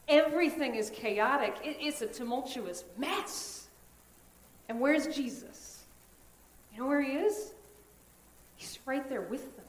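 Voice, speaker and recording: A woman pastor preaching a sermon in an earnest, conversational way, with dramatic pauses. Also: high voice. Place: church sanctuary. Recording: echoey church sanctuary.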